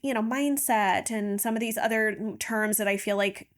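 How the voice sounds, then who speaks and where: A woman's voice: mid-range voice, normal speed. A woman hosting a podcast, eager and chatty, with plenty of fillers as she talks. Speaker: podcast host. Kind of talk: casual interview chat.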